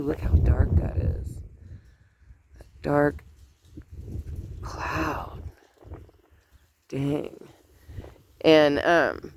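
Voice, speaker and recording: A grandmother with a slightly mellow voice on the low side chats casually outdoors for her vlog. She tells a family story, laughing and adding asides along the way.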